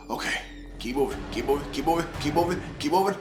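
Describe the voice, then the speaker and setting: A man's voice: a little high, lively intonation, quick pace. A man playing a horror game and talking through it, cursing, yelping and muttering to himself as he runs from danger. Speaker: let's play gamer. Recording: roomy echo with game music.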